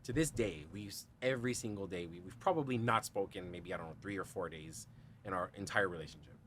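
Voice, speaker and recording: A man telling a personal story as a podcast guest, animated, with lots of "like" and restarts. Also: deep voice, fast, slight background noise. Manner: animated, acts out quoted dialogue with big shifts; frequent "like" and restarts.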